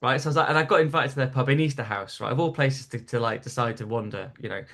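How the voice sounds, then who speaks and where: A man's voice: mid-range voice, fast talker, fairly bright tone. A man from North East England, a stand-up comedian, telling stories in a casual podcast chat with frequent restarts. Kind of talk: storytelling in casual interview.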